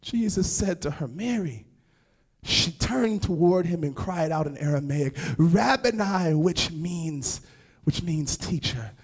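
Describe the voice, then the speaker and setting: A man preaching a sermon as pastor, with an American accent, moving from hushed asides to shouted, sing-song passages and calling out to the congregation. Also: fairly high pitch, lively intonation, slow pace, breathy edge. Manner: addresses the congregation directly with call-outs. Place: church sanctuary.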